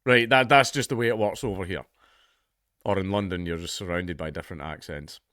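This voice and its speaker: Scottish guy in his 30s doing a sweary sarcastic rant, lowish voice, dead dry mic. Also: fairly quick, fairly bright tone, dry recording. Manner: sardonic, ranting, swears freely. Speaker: commentator. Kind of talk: casual commentary.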